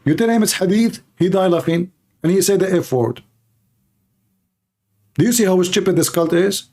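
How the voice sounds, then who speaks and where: A man hosting a live call-in debate stream, mocking and combative in manner, his voice hoarse and tired with occasional coughs. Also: high-pitched, moderate pace, darkish tone. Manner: mocking, combative, repeats points rhetorically. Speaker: livestream host debating callers.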